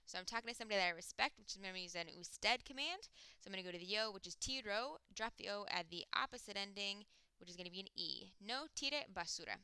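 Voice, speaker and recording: Bright, crisp-voiced woman teaching. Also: medium pitch, expressive, no room sound. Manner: methodical, step-by-step explaining; slows to spell out example words. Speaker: Spanish teacher. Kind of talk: recorded grammar lesson.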